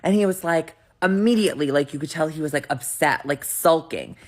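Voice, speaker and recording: Woman, low voice, casual storytime, blunt, swears freely. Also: brisk. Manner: blunt, profane, full of "like".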